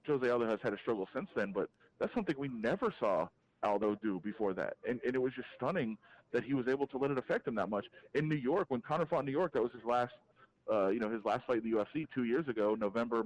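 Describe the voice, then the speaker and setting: Male sports reporter on a podcast call, mid-pitched, animated and opinionated, talks in quick restarts. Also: poor audio. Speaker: MMA reporter, guest. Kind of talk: casual podcast interview, calling in.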